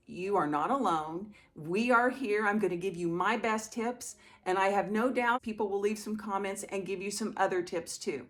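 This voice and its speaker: A middle-aged woman who hosts a home organizing channel, chatting casually and reassuringly through viewer questions. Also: mid-range voice. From small town. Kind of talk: casual Q&A talk to camera.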